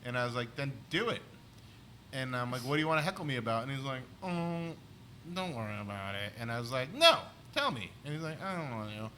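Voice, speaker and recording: Bright-voiced man telling rambling stories. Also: medium pitch, lively intonation, quick pace, a little hiss or hum. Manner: rambling anecdotes full of "like". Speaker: comedian podcast co-host. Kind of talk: casual chat, storytelling.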